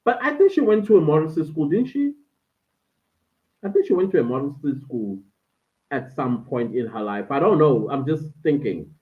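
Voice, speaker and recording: A South African woman chats to her live-stream audience, animated and talkative. The sound is thin and tinny, like a phone line. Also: sits low, moderate pace. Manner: animated, talks to viewers and reads out chat comments. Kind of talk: casual live-stream chat. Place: friend's indoor den at home.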